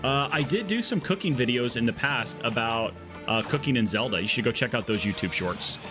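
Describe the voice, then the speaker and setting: A man's voice: medium pitch, animated, fairly quick, over music. A man hosting a live gaming stream, chatting casually and joking as he wanders off on tangents. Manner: rambling, joking, goes off on tangents. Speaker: livestream gaming host. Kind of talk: casual live gameplay chat. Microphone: earbud mic.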